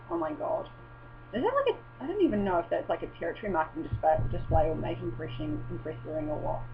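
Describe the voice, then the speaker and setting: A young woman chats in a loose, rambling vlog, swearing freely and breaking into excited exclamations. Her voice sits at an ordinary pitch. The recording is dull and lo-fi, with a faint mains hum underneath. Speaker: vlogger. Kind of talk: casual rambling chat.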